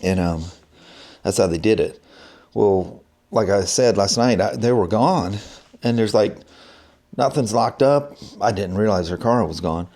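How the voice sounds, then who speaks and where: A man's voice: fairly low pitch, unhurried, warm tone. Rambling middle-aged man telling a story. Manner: rambling, many fillers and restarts. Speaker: vlogger. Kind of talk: casual storytelling to camera.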